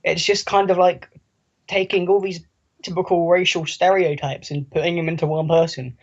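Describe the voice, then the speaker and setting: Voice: medium pitch, fairly even intonation, normal speed. A podcast co-host in casual chat, rambling and joking and slipping into quoted voices. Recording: muffled lo-fi recording.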